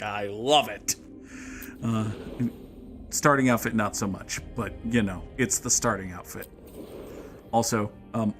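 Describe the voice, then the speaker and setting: A man's voice: medium pitch, a bit bright. A man hosting a let's play, giving casual gameplay commentary with jokes, wry asides and frequent laughs.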